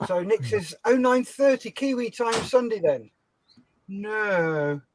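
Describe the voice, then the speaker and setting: A man's voice: sits high, lively intonation, slow. A man hosting a livestream from a shed, joking with guests and reading out viewer comments. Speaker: livestream host. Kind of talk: casual chat.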